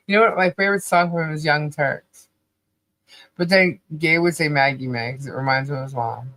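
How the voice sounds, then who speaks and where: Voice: medium pitch, moderate pace, a bit bright, no room sound. Podcast co-host, casual chat, laughs a lot, sings snatches of songs, dry close sound.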